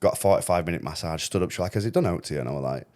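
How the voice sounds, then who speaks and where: A young man who talks fast in a low voice. He tells his story in casual podcast chat, full of swearing and quoted voices. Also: animated, a little mellow. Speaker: podcast host.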